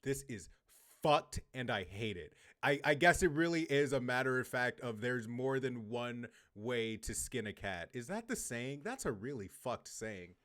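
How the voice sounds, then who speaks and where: A man reacting to a video in casual commentary, swearing often and yelling back at the screen. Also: mid-range voice, expressive, measured pace.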